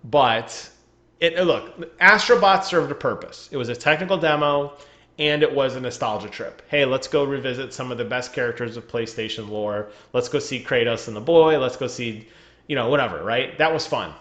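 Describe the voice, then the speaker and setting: A man's voice: medium pitch, normal speed, fairly bright tone, muffled recording. A man chatting casually on a gaming podcast over a remote call, joking and laughing often. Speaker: podcast co-host.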